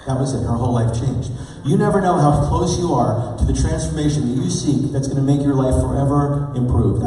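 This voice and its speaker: Male keynote storyteller, mellow tone, far from the mic, roomy hall. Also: mid-range voice. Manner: animated, chatty, asks the audience questions. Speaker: motivational speaker. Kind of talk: storytelling keynote to a live audience. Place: large hall.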